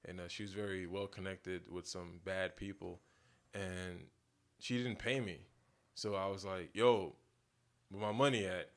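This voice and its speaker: A man with a fairly low voice, chatting casually as a podcast host in his home studio. He tells stories in an animated way and slips into the voices of the people in them. The talk is relaxed and conversational. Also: unhurried. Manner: animated storytelling, acts out quoted voices.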